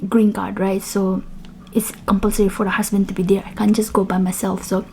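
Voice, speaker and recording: A young woman vlogging at home, telling a personal story in a chatty, animated way, with fillers and quiet whispered asides. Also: medium pitch, fairly quick, creaky, slight background noise. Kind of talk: casual storytelling.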